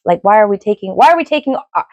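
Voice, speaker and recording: A middle-aged woman co-hosting a podcast, chatting in a rambling, opinionated way, with sudden jumps in pitch. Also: lively intonation, rapid-fire, darkish tone, no echo, muffled recording. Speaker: podcast co-host. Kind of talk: casual opinionated chat.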